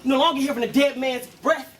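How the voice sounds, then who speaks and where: A man's voice: extremely high pitch, fairly even intonation, quick pace, fairly bright tone, slight background noise. A man performing Christian battle rap live before an audience, with a rhythmic, preachy, punchline-driven delivery. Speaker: battle rapper.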